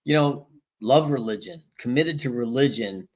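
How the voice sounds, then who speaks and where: A man's voice: mid-range voice, moderate pace. A man hosting an interview, reflecting on his guest's story and affirming it. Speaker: host, coach. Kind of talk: casual interview talk.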